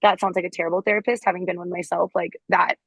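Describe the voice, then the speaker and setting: A woman's voice: fairly low pitch, little pitch movement, fast, vocal fry, breathy edge, dry recording, poor audio. A young woman who was once a therapist, talking in a rambling way with many filler words in a casual panel discussion.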